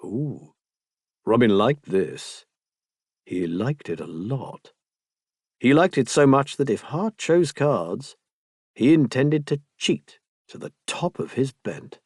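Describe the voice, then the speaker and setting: A man narrating a romance audiobook in an expressive, intimate reading. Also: medium pitch, slow pace, breathy edge, no echo, studio quality.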